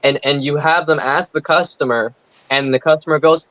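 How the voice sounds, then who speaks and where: A man's voice: fairly high pitch, fairly even intonation, a little fast, a bit bright, no echo, poor audio. A man ranting indignantly on a casual comedy podcast, heavy with swearing. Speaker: podcast co-host.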